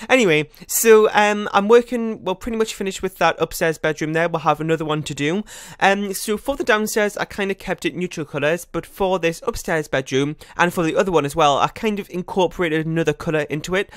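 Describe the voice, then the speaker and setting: A man's voice: a little high, a little fast, clean tone, no echo, clean studio sound. A man hosting a gaming channel, chatting casually over his gameplay, rambling and correcting himself as he goes. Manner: rambling, self-correcting, laughs at own slips. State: a bit out of breath.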